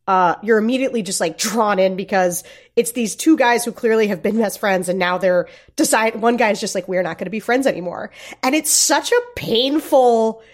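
A woman hosting a podcast, enthusiastically retelling a film in casual chat. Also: mid-range voice. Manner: enthusiastic, quick retelling with laughs. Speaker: podcast host.

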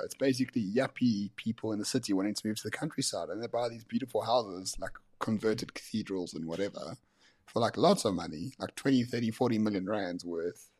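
Husky, low male co-host. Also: darkish tone, dry recording, clean studio sound. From South Africa. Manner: opinionated, emphatic, sarcastic asides. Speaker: podcast co-host. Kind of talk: casual podcast chat.

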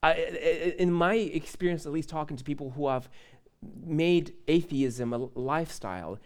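A man's voice: on the high side, moderate pace, clean tone. A young man preaching in a church, telling a personal story in a casual, chatty way and asking the congregation questions. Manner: casual, animated storytelling with laughs and asides to the audience. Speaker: pastor. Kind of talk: conversational sermon with personal story.

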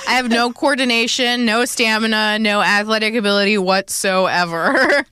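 A woman's voice: a little high, normal speed, pushed and bright, smooth, dry recording, clean studio sound. A woman co-hosting a podcast, joking about herself and laughing in casual chat. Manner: self-deprecating, laughing. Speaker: podcast co-host.

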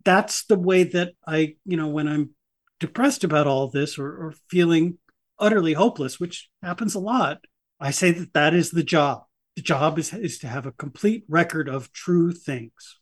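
A male journalist with a high voice talks through a podcast interview. He is wry and sardonic, with a quick laugh between points. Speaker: journalist guest.

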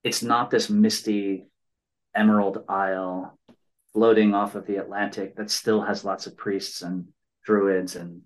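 A man with a slightly low voice hosts a relaxed podcast conversation. He tells long, meandering stories and often tags his points with a quick "right?". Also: low-quality recording. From United States. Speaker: podcast host. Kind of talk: casual conversation.

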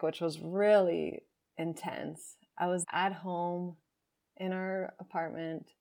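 Young woman guest, low-pitched, emotional storyteller who acts out inner voices. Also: darkish tone. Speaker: podcast guest. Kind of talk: candid personal storytelling.

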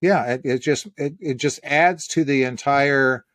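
A man's voice: medium pitch, a little slow, fairly bright tone, no echo. A middle-aged man hosting a casual conversation, telling stories in a reflective way with easy laughs.

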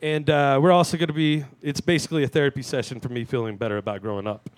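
A man in his thirties hosting a live talk show, delivering a crude, self-mocking comic monologue with sudden shouted rants. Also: medium pitch, steady tone, fast talker, no room sound. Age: 30s. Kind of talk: stand-up style monologue. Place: live venue stage.

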